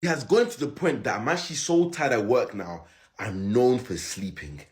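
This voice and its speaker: A man's voice: medium pitch, expressive, normal speed. A man chatting casually and wearily about being tired at work, rambling with lots of fillers. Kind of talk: casual vlog chat.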